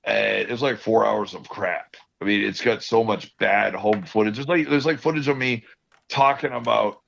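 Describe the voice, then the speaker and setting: A man's voice: lowish voice, moderate pace, creaky, fairly bright tone. A man telling rambling stories in casual podcast chat, laughing often. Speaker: podcast co-host. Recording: dull lo-fi sound.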